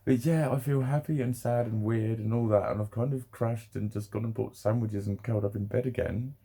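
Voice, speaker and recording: A man's voice: medium pitch, steady tone, brisk, vocal fry, warm tone, slightly rough. A man rambling emotionally in a personal vlog, laughing often and swearing a lot. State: emotional, near tears. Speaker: vlogger.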